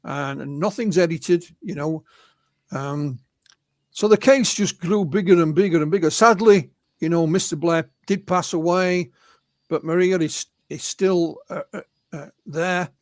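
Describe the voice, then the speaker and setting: High-voiced English man telling stories. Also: measured pace, no echo, studio quality. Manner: recounts witness stories, quoting them in his own voice, with many fillers and restarts. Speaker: interview guest, UFO researcher. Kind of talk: conversational storytelling.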